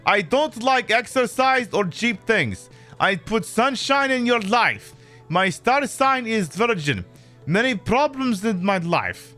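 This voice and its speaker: A man voicing a dreamy young woman seeking an American man, slow and languid. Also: high-pitched, very animated, sharp tone, faint music behind, voice pushed up, full character voice.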